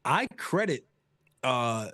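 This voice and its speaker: A man's voice: mid-range voice, sing-song, slow pace, bright, forceful tone, no echo, studio quality. A man co-hosting a casual baseball watch party, bantering easily, laughing often and calling plays. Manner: laughs often, easygoing banter, play-by-play remarks.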